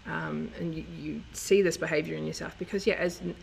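A woman with a gravelly, creaky voice reflects on faith, compassion and anger. She speaks in a thoughtful, pastoral way. Faint background noise runs under the recording. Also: deep voice, steady tone, a little fast, darkish tone, poor audio. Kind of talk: casual faith discussion.

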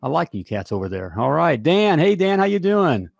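A man's voice: on the high side, very animated, normal speed, gravelly, dry recording. An American man hosting a live podcast, chatting in an upbeat, folksy way and repeating himself often. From United States. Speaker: podcast host. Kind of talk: upbeat live show chat.

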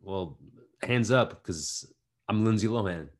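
A young man co-hosting a podcast, joking around in casual chat and riffing bits with quick restarts. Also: fairly low pitch, animated. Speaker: podcast co-host.

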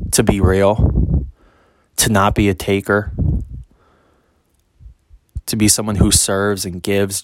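A man's voice: lowish voice, a little hiss or hum. A man speaking as a spiritual reader in a casual monologue, blunt and emphatic, cursing freely.

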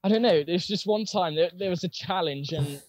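A young man with a husky voice, telling his personal faith story in an earnest, rambling way with plenty of fillers. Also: sits high, brisk, darkish tone, dry recording. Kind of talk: casual personal testimony.

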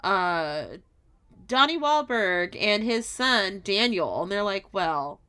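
A woman's voice: mid-range voice, lively intonation, takes it slowly, sharp tone, clear, resonant tone. Profane, casual woman recapping a movie. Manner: casual and profane, with hesitant fillers. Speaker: podcast co-host.

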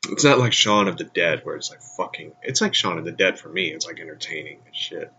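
A man's voice: low-pitched, lively intonation, fairly quick, pushed and bright, a little hiss or hum. A man hosting a casual solo podcast, groggy from just waking up, with a stuffy nose and a rambling way of talking that trails off. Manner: rambling, laughs often, trails off. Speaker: podcast host.

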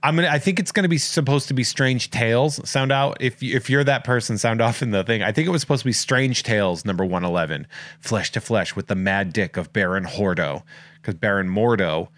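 A man's voice: lowish voice, a little fast, dry recording. Joking man hosting a podcast. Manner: joking, rambling shout-outs. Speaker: podcast host. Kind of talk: casual chat.

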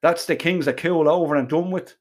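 A man's voice: fairly high pitch, fairly quick, lightly acted. A man with an Irish accent voicing a bossy, blunt male bandleader who talks in a commanding way. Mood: stern.

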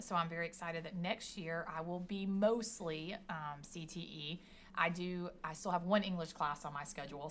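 A woman's voice: sits low, fairly bright tone, a little hiss or hum. A woman teacher talking about her career tech classes in a chatty, enthusiastic podcast conversation. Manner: chatty and enthusiastic, many restarts.

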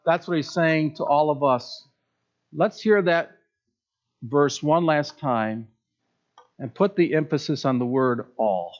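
Male preacher, high pitched, delivers with rising emphasis, muffled sound. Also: slow, long pauses. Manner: emphatic preaching, swells and drops. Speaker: pastor. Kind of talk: sermon. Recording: dull lo-fi sound.

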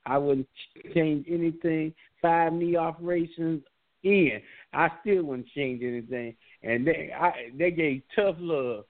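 A man telling casual stories about sports, stammering and restarting as he goes. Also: fairly high pitch. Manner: halting, stammering storytelling. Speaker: podcast co-host. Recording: tinny phone-like line.

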